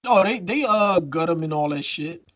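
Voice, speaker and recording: A man co-hosting a podcast in casual chat, telling a story with lively acted-out quotes and free swearing. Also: fairly high pitch, moderate pace, no echo. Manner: animated storytelling, acts out quotes, swears freely. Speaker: podcast co-host.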